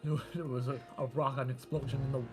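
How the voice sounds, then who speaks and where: A man's voice: medium pitch, flat delivery, darkish tone, faint music behind, close to an everyday voice. A man voicing a shaken middle-aged priest, a grieving father who halts and stammers in a tabletop game. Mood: dazed. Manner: halting, stammering speech.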